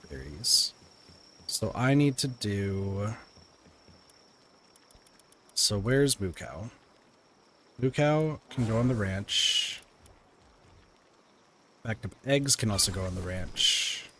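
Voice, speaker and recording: A man's voice: fairly low pitch, lively intonation, slow, long pauses, pushed and bright, slight background noise. A man streaming a game, chatting casually and thinking aloud as he plays, with loose fillers. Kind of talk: casual gameplay commentary.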